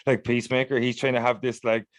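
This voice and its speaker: A man's voice: mid-range voice, little pitch movement, fast, no echo. Giggly male podcast co-host, dry sound. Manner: laughs often, swears, many fillers. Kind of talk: casual chat.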